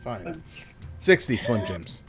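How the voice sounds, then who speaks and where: A man's voice: on the low side, sing-song, takes it slowly, a bit bright, soft background music. Laid-back joking male player. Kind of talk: casual tabletop play.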